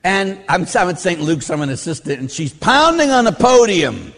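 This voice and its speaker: A man who is a Catholic priest, giving an animated teaching talk on faith and telling stories with mimicked voices. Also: high-pitched, normal speed, hardly any pauses. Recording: long hall reverb.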